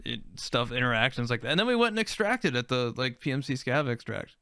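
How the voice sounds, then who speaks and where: Bright, excitable male podcast host. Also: medium pitch, brisk, clear, resonant tone, no echo, studio quality. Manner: excitable, rambling, swears casually. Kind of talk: casual podcast chat.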